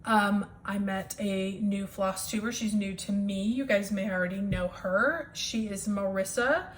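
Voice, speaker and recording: A cross-stitch vlogger from the US Midwest shows her projects at home, speaking in an unhurried, mid-range voice over slight background noise. The chat is casual and enthusiastic, with frequent ums.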